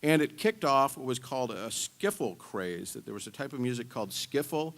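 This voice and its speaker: A man speaking at a university symposium, explaining music history in a relaxed, conversational way. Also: medium pitch, brisk. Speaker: symposium lecturer.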